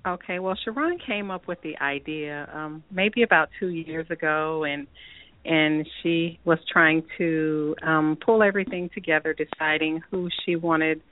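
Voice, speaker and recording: A woman guest author on a radio interview, soft-spoken and a little hesitant. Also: deep voice, steady tone, a little slow. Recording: phone-line quality, dry.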